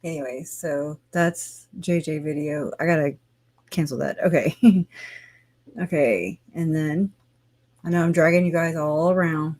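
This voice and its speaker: Livestream host, loose and rambling, mid-pitched voice with dry close sound, casual commentary with frequent laughs. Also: steady tone, unhurried, a little mellow, no echo. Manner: rambling, chatty, swears, laughs often.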